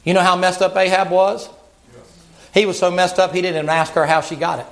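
A man preaching a sermon, retelling a scripture story in a folksy, animated way with playful asides. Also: sits high, fairly quick, crowd noise.

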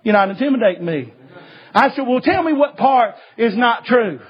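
A man preaching a sermon, telling a story in a folksy way and swinging from hushed tones to shouts. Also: very high voice, lively intonation, normal speed. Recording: dull lo-fi recording.

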